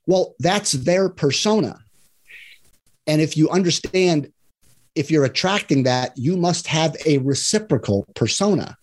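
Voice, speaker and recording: A man's voice: fairly high pitch, expressive, unhurried. Earnest male coach explaining patterns. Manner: earnest, explanatory, acts out examples in other voices; frequent "right?" tag questions. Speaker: divorce and love coach, guest. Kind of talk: casual podcast conversation.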